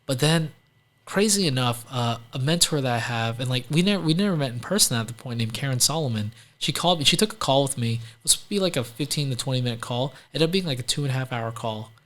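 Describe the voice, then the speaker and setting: A man's voice: mid-range voice, expressive, fast, a bit bright. A man from Louisiana as a guest entrepreneur, telling stories in a casual, chatty way. He fills his talk with "like" and acts out the people he quotes. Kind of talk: casual storytelling interview.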